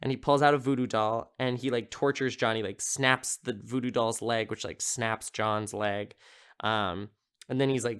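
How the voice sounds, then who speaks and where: A man's voice: mid-range voice, fairly even intonation, normal speed, fairly bright tone, clear, resonant tone. A man hosting a podcast, casually recapping a horror film in a rambling, amused way, with lots of filler words. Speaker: podcast host.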